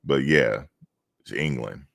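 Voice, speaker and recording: A rumbling low voice, gravelly but fairly bright, unfolds at a slow pace. The man is a reaction streamer chatting casually on a livestream, telling meandering stories straight to his viewers.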